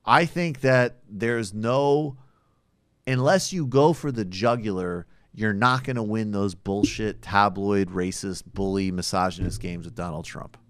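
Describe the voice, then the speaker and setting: A man's voice: on the low side, measured pace, clean tone, no room sound. A man hosting a podcast, giving blunt, opinionated political commentary that is profane at times. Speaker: podcast host.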